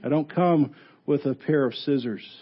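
A man preaching a sermon as pastor, telling stories with animated delivery and frequent restarts. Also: on the high side, moderate pace, breathy edge, muffled recording. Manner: animated storytelling with repeated restarts.

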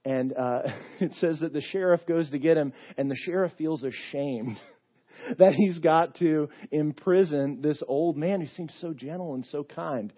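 A male pastor preaches in a relaxed, conversational storytelling manner. His voice is husky and a bit high, and the church recording sounds dull and lo-fi. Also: a little slow. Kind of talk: sermon.

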